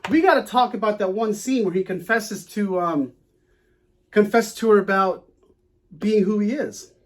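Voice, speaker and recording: A man's voice: sits high, lively intonation, moderate pace. A man in his late thirties co-hosting a casual movie reaction chat, easygoing and enthusiastic. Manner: enthusiastic, easygoing fan talk. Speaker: co-host.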